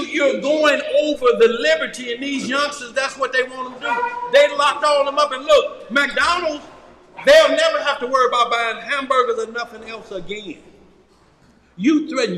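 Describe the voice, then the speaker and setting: A man leading a group Bible study in a lively, joking way, raising his voice at times. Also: very high-pitched. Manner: animated, shouting at times, loose and joking. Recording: roomy hall with long reverb.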